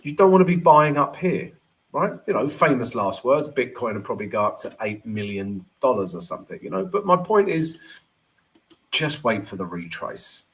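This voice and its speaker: Man, live trading stream host, casual, energetic, keeps asking "right?". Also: mid-range voice, moderate pace.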